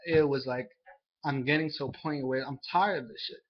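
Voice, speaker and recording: A young man telling a personal story to the camera in a halting, earnest way, full of fillers and restarts. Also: medium pitch, slight background noise. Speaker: vlogger. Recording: dull lo-fi sound.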